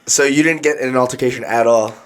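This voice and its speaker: A man co-hosting a podcast who jumps in with quick questions and jokes in casual chat. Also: medium pitch, fairly even intonation. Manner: quick interjecting questions, joking. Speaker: podcast co-host.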